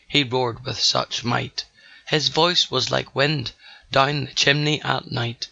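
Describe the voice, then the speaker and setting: Gravelly male storybook narrator. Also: mid-range voice, fairly even intonation, a little slow, pushed and bright, no room sound, highs cut off. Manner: sing-song rhyming delivery.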